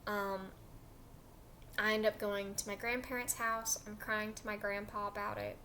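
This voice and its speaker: A woman's voice: mid-range voice, level tone, normal speed, bright, forceful tone, a little hiss or hum. A young woman casually telling a personal story in a chatty, emotional way with lots of fillers.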